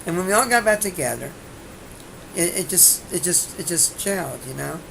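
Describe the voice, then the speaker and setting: Hosting her own comedy talk show, a woman rambles through a monologue of brash jokes, restarting often. Her lowish voice is expressive with vocal fry at a moderate pace, and there's background noise.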